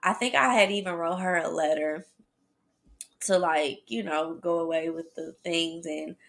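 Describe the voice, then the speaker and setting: A woman hosts her own podcast and tells a personal story in a loose, chatty way. Her voice sits a little low and has a gravelly rasp. Her tone is bright, and she keeps speaking straight to her listeners. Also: measured pace. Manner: chatty, animated storytelling addressing listeners as y'all. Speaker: podcast host. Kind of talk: casual storytelling.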